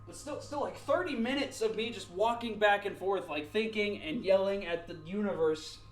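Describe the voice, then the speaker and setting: A young man with a very high-pitched voice rants about a game, rambling and self-mocking. He paces around his room, so his voice drifts closer to and farther from the mic. The room gives it a noticeable echo. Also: moderate pace. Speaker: gaming YouTuber. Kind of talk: ranting gameplay commentary. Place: home room at his computer. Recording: echoey room, varying distance from the mic.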